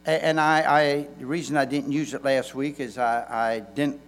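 A man's voice: mid-range voice, fairly even intonation, normal speed. A man pastor preaching a sermon in a folksy way, with emphatic stresses and frequent restarts.

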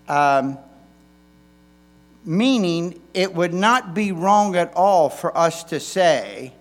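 A man pastor preaching a sermon in a folksy way, with emphatic stresses and frequent restarts. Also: a little high.

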